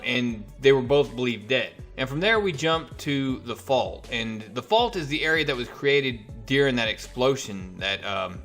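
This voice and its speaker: A man giving a casual, energetic recap of a comic book issue, acting out the characters' lines as he tells the story. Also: mid-range voice. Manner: energetic storyteller who acts out quoted lines.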